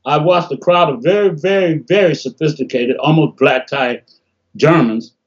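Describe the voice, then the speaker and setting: An older man from Detroit telling animated stories in a casual interview over a video call, often acting out what people said. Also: on the high side, moderate pace. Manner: animated, laughing storyteller, acts out quotes. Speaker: interview guest, bassist. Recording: dull lo-fi call audio.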